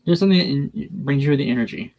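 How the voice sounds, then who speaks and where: A man's voice: fairly high pitch, animated, fast talker, gravelly, a little mellow. Folksy man reading tarot. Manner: blunt, folksy, encouraging. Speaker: guest tarot reader. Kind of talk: casual chat and tarot reading.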